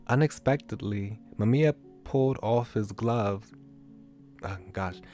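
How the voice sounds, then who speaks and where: A man's voice: lowish voice, slow, a little mellow, soft background music. A man reading a visual novel aloud, chatty and self-deprecating, his voice getting scratchy. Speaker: streamer.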